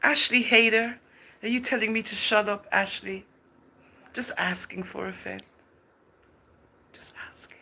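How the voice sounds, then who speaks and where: A woman's voice: mid-range voice, fairly even intonation, unhurried, gravelly, pauses often, pushed and bright. A woman hosting a livestream in casual chat, answering viewer comments in a chatty, teasing way, often laughing and calling people darling and girl. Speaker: livestream host.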